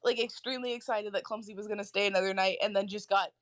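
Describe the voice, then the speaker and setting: A woman's voice: steady tone, fast talker, no echo, clean studio sound. A young woman co-hosting a podcast, telling a story in casual chat, giggly and using "like" a lot. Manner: giggly, uses "like" a lot, squeaky when quoting. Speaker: podcast co-host.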